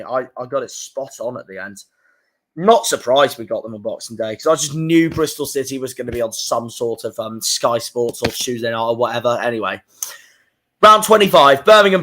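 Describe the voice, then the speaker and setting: A young man streaming live, reacting to football fixtures, swearing and fuming with loud outbursts. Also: mid-range voice. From England. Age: young adult.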